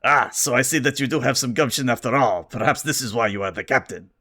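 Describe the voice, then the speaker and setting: A man voicing a gruff, argumentative male alien engineer who picks at every detail in a tabletop game. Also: medium pitch, quick pace, sharp tone. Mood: prickly. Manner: pedantic and combative.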